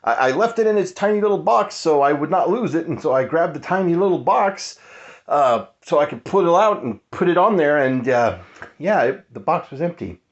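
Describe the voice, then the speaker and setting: A man casually unboxing a collectible toy in his cluttered apartment, rambling excitedly and chuckling, recorded on a handheld cellphone. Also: fairly high pitch, normal speed, muffled recording.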